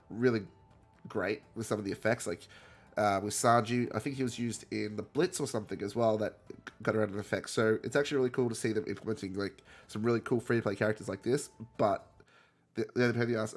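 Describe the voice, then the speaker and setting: A man with a nasal voice, sick with a cold, giving casual, rambling gameplay commentary that often corrects itself. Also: on the low side. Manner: rambling, self-correcting, chatty. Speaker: gaming content creator.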